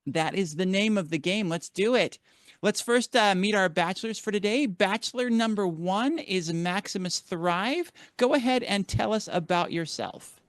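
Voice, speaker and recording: A man hosting a mock game show with showy announcer flair. His voice is high and smooth. The sound is dry and close. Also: animated, moderate pace, dry recording.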